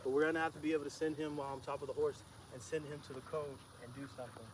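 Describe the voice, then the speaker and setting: Male dog trainer, slangy and relaxed, fairly high voice, outdoors with noticeable background noise. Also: racing. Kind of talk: casual training demonstration.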